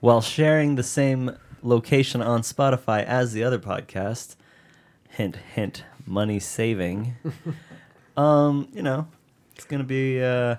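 A man's voice: mid-range voice, a little slow, a little mellow, clear, resonant tone. A young man co-hosting a casual podcast chat, playful and jokey. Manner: playful, jokey, breaks into laughter. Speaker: podcast co-host.

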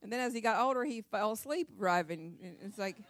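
A woman's voice: mid-range voice, fairly quick. A woman from Ohio giving a folksy, chatty personal testimony as a guest speaker at a church service. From Ohio, USA. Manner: folksy storytelling, chatty and lively, with many restarts.

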